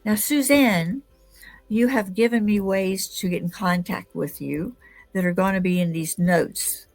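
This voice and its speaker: Affirming woman podcast host, mid-pitched. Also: unhurried, a little mellow, faint music behind. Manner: affirming, often murmurs agreement, enthusiastic. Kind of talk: interview podcast.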